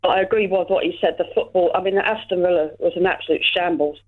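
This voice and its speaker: A woman's voice: lowish voice, fast talker. A woman calling in to chat about football, hesitant and full of fillers. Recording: tinny phone line.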